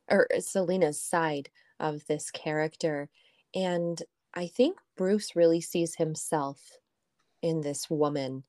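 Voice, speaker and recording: Slow, thoughtful woman discussing a film. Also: deep voice, warm tone. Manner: thoughtful, laughs easily.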